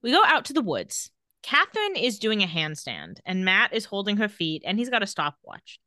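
A woman chatting on a podcast about a TV episode, her voice bright and forceful with a lively, bouncing pitch. She acts out the characters' lines in quick bursts, and the sound is close and dry. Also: no room sound. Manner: animated, quotes characters in quick quips and laughs often. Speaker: podcast co-host recapping a TV episode. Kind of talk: casual chat.

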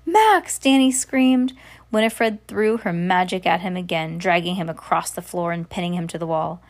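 A woman's voice: on the low side, little pitch movement, a little fast. A woman reading a novel aloud, chatty and correcting her slips, with casual asides. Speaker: audiobook reader.

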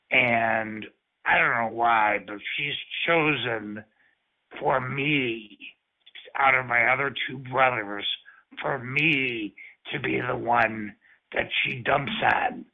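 Man, chatline caller, slow, rambling, moaning, mid-pitched, tinny phone line. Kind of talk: explicit phone chat.

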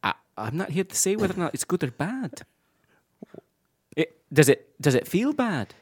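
A prying, deadpan male therapist, played by a man for a comedy podcast. He fires off halting, repetitive questions and keeps restarting them, with a lively, swooping pitch. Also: slightly rough, dry recording, studio quality, heavily acted. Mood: probing.

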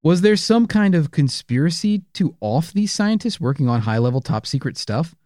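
A man's voice: medium pitch, dark tone, dry recording, clean studio sound. A man co-hosting a true-crime podcast, narrating casually with playful jokes. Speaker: podcast co-host.

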